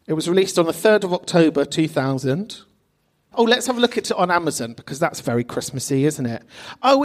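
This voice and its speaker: A woman hosting a live podcast, giggling through casual, incredulous banter. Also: lowish voice. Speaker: podcast host. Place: small theatre, live audience.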